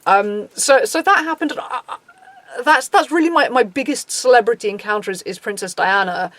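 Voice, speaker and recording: Chatty English woman, bright voice. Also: on the high side, fairly quick, no echo. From England. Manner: chatty and opinionated, with many restarts and acted-out quotes. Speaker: podcast host. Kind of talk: casual monologue.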